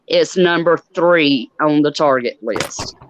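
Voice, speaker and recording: A woman from Georgia, hosting a casual group chat and telling drawn-out stories. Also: low voice, slight background noise, rough recording. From Georgia, USA. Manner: chatty, drawn-out storytelling. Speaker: channel host.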